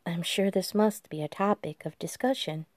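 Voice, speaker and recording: A woman's voice: lowish voice, normal speed, a little mellow, dry recording, clean studio sound, lightly acted. A woman voicing a spacey woman who talks in a sing-songy voice in an audiobook. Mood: polite.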